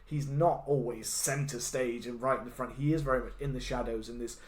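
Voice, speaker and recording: A man's voice: medium pitch, steady tone, fairly quick, reverberant. A man co-hosting a podcast, talking through a film review in a rambling, self-interrupting way with frequent laughs. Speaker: podcast co-host. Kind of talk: casual film review chat.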